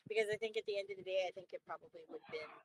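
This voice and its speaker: A woman co-hosting a wrestling podcast, talking casually in an animated, profane rant. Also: mid-range voice, very fast, slight background noise, poor audio. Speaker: podcast co-host. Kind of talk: casual chat.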